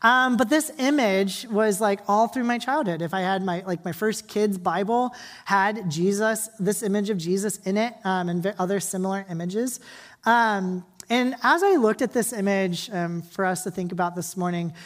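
A young adult woman pastor giving a sermon in a church hall, reading scripture softly and praying, then talking casually with the congregation with many fillers and asides. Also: mid-range voice, moderate pace. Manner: soft, quiet reading and prayer.

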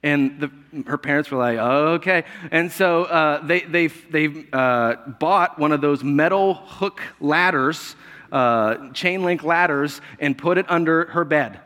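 A man delivers a casual, humorous sermon, laughing easily and stumbling over restarts. His voice sits a little high for a man. The sound carries a long reverb, as in a church sanctuary. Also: a little slow, pushed and bright. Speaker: pastor.

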